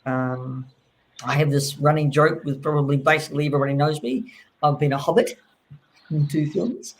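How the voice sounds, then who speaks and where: Hesitant New Zealand man, slightly high. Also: moderate pace. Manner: hesitant, many fillers and restarts. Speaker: podcast co-host. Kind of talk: casual chat.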